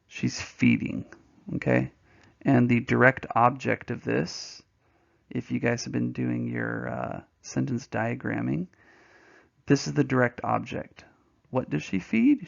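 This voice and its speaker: Gravelly-voiced man teaching a poetry lesson. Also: mid-range voice, lo-fi sound. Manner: animated storyteller, acts out voices and sounds. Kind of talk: poetry lesson with a personal story.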